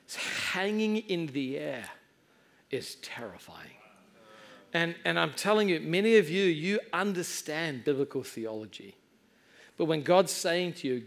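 A middle-aged male pastor preaching a sermon, telling a story with animated, self-mocking comedy. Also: a little high, creaky. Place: church service before a laughing congregation.

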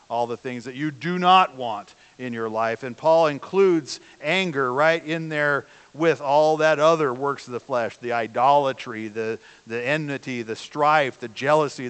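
A man's voice: medium pitch, a bit bright, clean tone, big-room sound. A man preaching a sermon as pastor, in a conversational way, often putting questions to the congregation. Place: church sanctuary.

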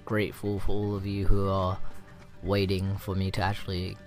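A young man with a fairly low voice talks over his own gameplay in a loose, rambling way. He swears often and gets riled quickly. Soft game music plays underneath. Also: completely flat delivery. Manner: profane, rambling and easily riled. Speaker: let's play gamer. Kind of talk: casual gameplay commentary.

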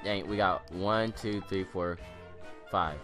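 A teenage boy hosting gameplay commentary, excitable, rambling and self-mocking. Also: low-pitched, takes it slowly, soft background music. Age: teens. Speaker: gaming channel host.

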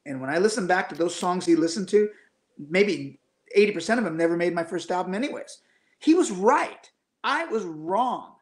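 A man's voice: sits high, reverberant. A middle-aged man in casual chat, telling blunt stories, swearing freely and acting out the voices of people he quotes. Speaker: guest musician.

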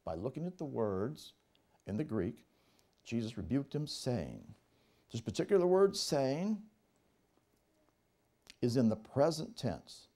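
A pastor teaching from the pulpit, his pitch rising and falling freely as he drives each point home. His voice is mellow and warm rather than bright, and he reads scripture aloud before unpacking it with emphatic explanation. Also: sing-song, takes it slowly, long pauses. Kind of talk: teaching sermon. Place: church service.

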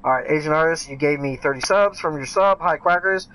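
A man streams a game live from home, greeting viewers by name and jumping between the game and the chat. His voice sits a little high and sounds bright and forward, and a faint hiss runs under the desk microphone. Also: brisk, poor audio. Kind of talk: casual live-stream chat, reading chat aloud.

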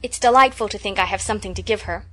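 A woman's voice: mid-range voice, quick pace, lightly acted. Woman reading a chatty dreamy little orphan girl, all gushing enthusiasm, storybook.

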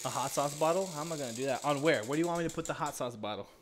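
A young man streaming live in casual chat, loud, reactive and exclaiming. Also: a little high, racing, slight background noise.

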